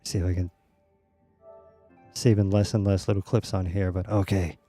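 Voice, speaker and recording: A man streaming a game, chatting casually with teammates in a relaxed, rambling way with many fillers. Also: deep voice, moderate pace, faint music behind. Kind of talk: casual gaming chat.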